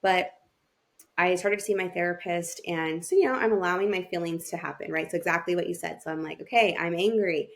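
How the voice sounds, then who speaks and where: This woman's voice is low-leaning, gravelly and steady, her pace brisk. A family therapist and podcast guest, she tells her personal story with candor and emotion, acting out what was going through her head at the time.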